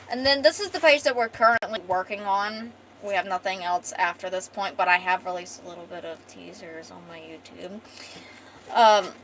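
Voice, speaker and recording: A woman's voice: mid-range voice, a little hiss or hum, rough recording. A young woman chatting casually as a comic artist and streamer. She rambles and fills her talk with ums and restarts. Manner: rambling, with many fillers and restarts. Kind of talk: casual chat.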